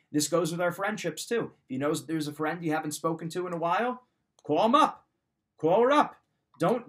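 A podcast host with a fairly bright, somewhat high male voice delivers a motivational talk. He speaks emphatically and directly, driving his advice home by repeating his points.

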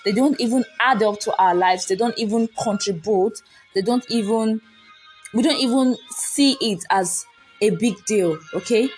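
A woman's voice: mid-range voice, measured pace, faint music behind, poor audio. A woman giving a faith-based motivational talk, emphatic and commanding, repeating her points and laughing often.

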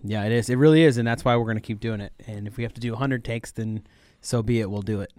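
A man from Arizona, co-hosting a casual chat and telling stories in an animated way. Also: medium pitch, quick pace, no echo. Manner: chatty, animated storyteller. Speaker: podcast co-host.

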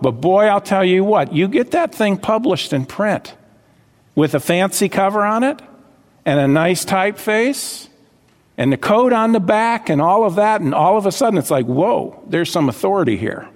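High-voiced emphatic preacher in a hall. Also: male voice. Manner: emphatic, asks the congregation questions. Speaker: pastor. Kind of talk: sermon.

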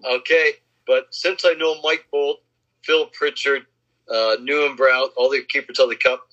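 A man in casual chat, telling boastful anecdotes and acting out the quotes in a husky voice. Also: mid-range voice, steady tone, a little slow, pushed and bright. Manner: boastful name-dropping anecdotes, acts out quotes. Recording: slightly dull lo-fi sound.

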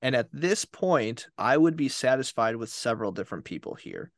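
A man's voice: mid-range voice, lively intonation, moderate pace, no room sound. A man co-hosting a podcast in casual chat, laughing often and acting out what others might say. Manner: chatty, laughs often, acts out quotes. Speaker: podcast co-host.

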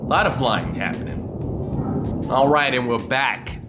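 A man streaming live, telling a long story in a loose, rambling way and swearing all the way through. His voice sits at an ordinary middle pitch. Faint music plays behind him. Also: unhurried.

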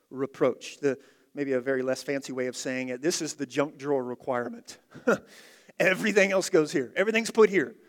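A man preaching an expository sermon, emphatic, repeating key phrases and swinging from loud to hushed. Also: a little high, long reverb tail. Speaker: pastor.

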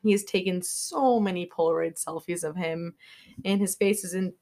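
A woman's voice: on the low side, moderate pace, warm tone. A young woman co-hosting a podcast, recapping a movie in casual chat, rambling along with lots of filler words. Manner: rambling, filler-heavy storytelling, many "like"s. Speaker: podcast co-host.

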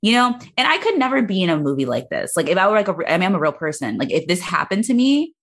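A woman's voice: on the low side, very animated, fast. A woman co-hosting a podcast, chatting casually about a movie, swearing freely and laughing often. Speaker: podcast co-host.

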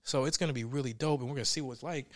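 A man co-hosting a casual chat, telling stories with loud laughing outbursts and mimicked voices. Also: mid-range voice, very fast, dry recording, studio quality. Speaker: podcast co-host.

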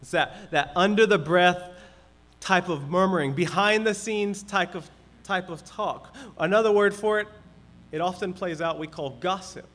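Male pastor, higher-pitched voice, conversational sermon delivery. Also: measured pace, fairly bright tone. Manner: conversational preaching, acts out everyday complaints.

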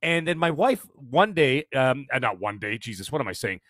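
A man's voice: medium pitch, dry recording, studio quality. A man in his fifties with a Canadian accent, telling stories energetically as a podcast guest. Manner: fast, energetic storytelling with frequent restarts. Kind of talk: casual interview chat.

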